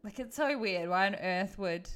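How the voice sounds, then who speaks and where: A woman's voice: medium pitch, animated, normal speed, fairly bright tone. A young woman co-hosting a podcast, chatting casually in a blunt, gossipy way. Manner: gossipy, blunt, laughs into lines. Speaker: podcast co-host. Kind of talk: casual chat.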